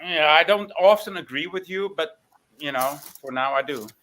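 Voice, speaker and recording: A man in a heated live audio room argument, talking in halting, stammering bursts and mocking the others. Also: fairly high pitch, bright, forceful tone, slight background noise. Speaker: panel participant.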